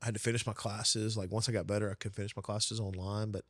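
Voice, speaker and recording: A man, a pastor, speaking earnestly and reflectively as a guest in an interview, with many pauses and fillers. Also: lowish voice, little pitch movement, no room sound. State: lives with lasting pain. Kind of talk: casual interview talk.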